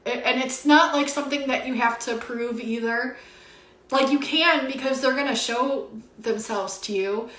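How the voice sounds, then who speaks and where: A woman's voice: high voice, moderate pace, fairly bright tone. Teary, gushing woman reading cards. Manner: gushing, filler-heavy, breathy with awe. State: teary, emotional. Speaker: livestream card reader. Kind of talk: emotional spiritual card reading. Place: home livestream. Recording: roomy echo.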